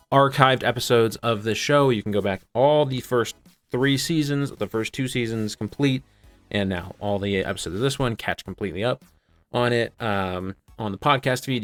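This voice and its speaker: A man's voice: lowish voice, dry recording. A man hosting and running a tabletop game, talking casually with lots of fillers. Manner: casual, filler-heavy, relaxed. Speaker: game master and host.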